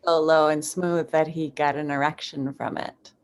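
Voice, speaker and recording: A woman chatting on a casual group video call, giggly and animated. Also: sits low, normal speed. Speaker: improv performer.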